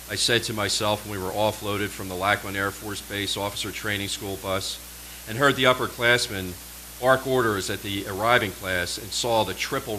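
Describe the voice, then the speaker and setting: A man reading his own poetry live at a small performance venue, pacing each line with slow, dramatic pauses. His voice sits low but sounds bright and forceful, with a faint hiss behind it. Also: low-quality recording. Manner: measured, dramatic delivery with slow emphatic pauses. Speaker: poet.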